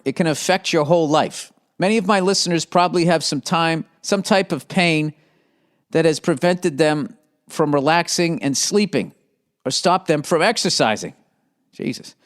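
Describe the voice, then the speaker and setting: A man's voice: a little high, voice pushed up, close to an everyday voice. A man putting on an exaggerated posh British voice to read an ad, pompous and tripping over the script. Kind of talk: comic ad read.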